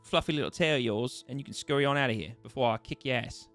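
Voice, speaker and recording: A man's voice: medium pitch, fast talker, vocal fry, a bit bright, soft background music. A man voicing a short, brusque male halfling guard who bars the way. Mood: threatening. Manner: brusque, confrontational.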